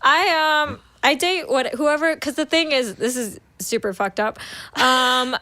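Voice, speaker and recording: A woman with a bright, forceful voice pitched a little high talks candidly as a podcast guest. She laughs often and fills her sentences with "like" and "um". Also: measured pace. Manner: candid and laughing, frequent fillers. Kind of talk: casual chat.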